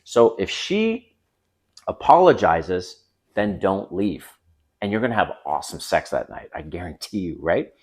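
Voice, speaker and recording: Talking to the camera on his own channel, this man gives dating advice in a direct, conversational way and performs the lines he quotes. He's a dating coach whose low, sing-song voice moves a little slowly.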